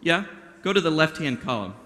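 A man's voice: fairly high pitch, big pitch swings, a little fast, sharp tone. A man performing a mind-reading act for a youth audience, chatting playfully and directing volunteers. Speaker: magician performing for a youth group. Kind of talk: interactive stage patter. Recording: long hall reverb.

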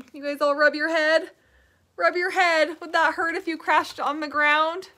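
A woman teaching an interactive preschool lesson and reading aloud, animated, gasping with excitement and asking the children questions. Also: high-pitched, normal speed.

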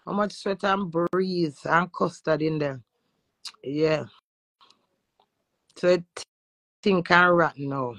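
A woman with a Jamaican accent, a social media influencer, talking loudly and boastfully in casual patois and swearing freely. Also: on the low side, fairly even intonation, takes it slowly, long pauses. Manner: loud, profane and boastful. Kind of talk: brash casual talk in patois.

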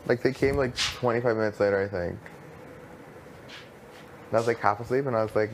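A woman's voice: extremely low pitch, fairly quick, long pauses. A woman in casual chat, retelling a conversation and quoting what was said. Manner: chatty, retells conversations with quoted voices. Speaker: reality show houseguest. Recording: noisy live feed audio.

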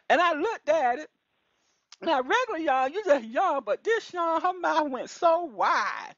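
A woman's voice: unhurried, no room sound. Preachy woman minister on a dull call. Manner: preachy, repeats phrases, swings high when excited. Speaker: deliverance minister. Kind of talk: animated testimony on a phone call.

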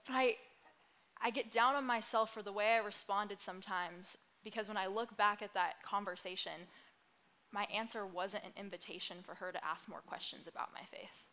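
A woman's voice: medium pitch, normal speed, bright, forceful tone, slight background noise. A young woman in her twenties giving a sermon from a church stage in a conversational, self-deprecating way with light laughs. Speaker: pastor.

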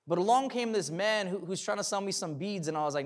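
A man's voice: high-pitched, animated, fast. A young man, a pastor, telling a personal story in a sermon, acting out the dialogue and then preaching earnestly.

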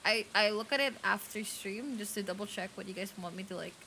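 A woman's voice: medium pitch, a little fast, bright, forceful tone, slight background noise. A young woman with a light Filipino accent, chatting casually on a game stream, reading chat aloud and swearing freely.

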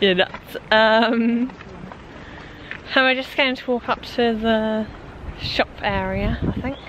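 Young girl vlogging on a handheld cam, slow chatty and giggly, lots of background noise. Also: a little high, steady tone. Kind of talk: casual vlog chat. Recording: noisy handheld vlog recording.

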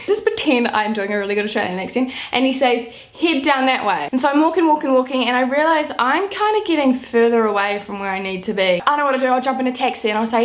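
A woman's voice: fairly high pitch, lively intonation, fast. A young woman from New Zealand telling a story to camera in a chatty vlog style, filling her talk with "like.". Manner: chatty, says "like" constantly. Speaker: vlogger.

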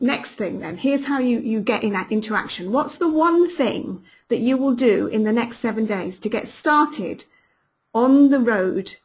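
A business coach hosts a live webinar, reading out listener comments and coaching her audience. Her voice is on the high side, slightly husky and breathy, and she sounds upbeat and encouraging, tossing out quick praise words and repeating key questions to push listeners toward action.

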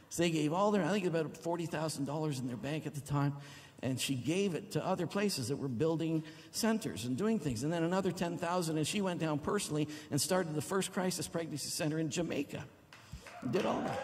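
Middle-aged male pastor, sermon, exuberant, slightly high voice, long church-hall reverb. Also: expressive, brisk. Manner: exuberant, shouting and whooping.

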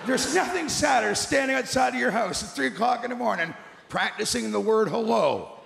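A middle-aged man doing stand-up comedy on a large theatre stage, gruff and ranting with deadpan asides. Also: very high-pitched, normal speed, heavy background noise. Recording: echoey theatre with loud laughing crowd.

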